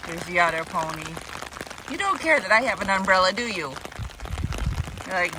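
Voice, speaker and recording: A woman's voice: on the low side, big pitch swings, normal speed, background noise. A woman vlogging casually from her farm, chatting and talking to her animals. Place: outdoors on a farm.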